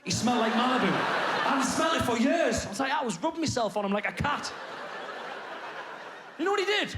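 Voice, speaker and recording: A man doing stand-up comedy on stage, telling a story with sudden loud bursts and low muttered asides. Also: big pitch swings, fairly quick, long pauses, background noise. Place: comedy stage before a live audience.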